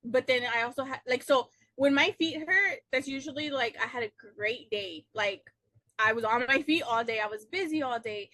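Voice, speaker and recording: Tired giggly woman guest, high sharp voice, talks about crying at little stuff. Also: normal speed, no room sound. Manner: giggly, laughs often. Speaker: business owner guest. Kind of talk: casual chat.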